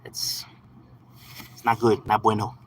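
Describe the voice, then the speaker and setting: A man's voice: on the low side, completely flat delivery, a little slow, slightly rough, low-quality recording. A man on a casual livestream, talking to his chat in slang and profanity, often saying "bro" and "homie" and laughing as he talks. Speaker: live streamer.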